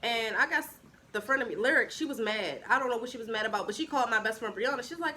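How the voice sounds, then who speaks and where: A woman in her twenties tells a casual storytime vlog in a high, bright voice. She is chatty and animated, acting out what people said. A faint hiss sits under the recording. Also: quick pace. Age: 20s. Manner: chatty, animated retelling with acted-out quotes. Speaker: vlogger.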